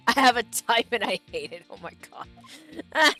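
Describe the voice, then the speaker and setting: A woman with a Southern US accent chats casually and jokes while playing through a game. Her voice is bright and lively at mid pitch, with faint music playing underneath. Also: a little slow. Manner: chatty, laughing asides. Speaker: streamer.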